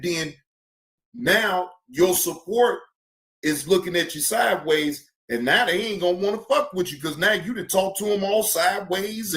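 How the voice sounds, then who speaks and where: A man's voice: high voice, fairly bright tone. A man hosting a live stream, talking bluntly and casually with plenty of profanity. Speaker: streamer host.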